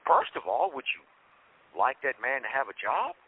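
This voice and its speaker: Guy doing a high, preachy pastor voice, coaxing questions, tinny phone line. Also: huge pitch swings, moderate pace, breathy edge, exaggerated voice. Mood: preaching. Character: man imitating a male megachurch preacher.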